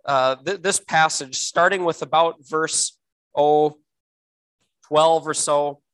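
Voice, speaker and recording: A man teaching a Bible verse word by word, often pausing with fillers and repeating words, slowing down to stress key phrases. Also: fairly high pitch, a bit bright, rough recording.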